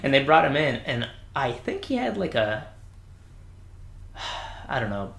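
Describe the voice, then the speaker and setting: A man telling military stories in a casual podcast chat, laughing often and jumping into high pitch for the people he quotes. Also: huge pitch swings, measured pace, vocal fry, a bit bright. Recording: roomy echo.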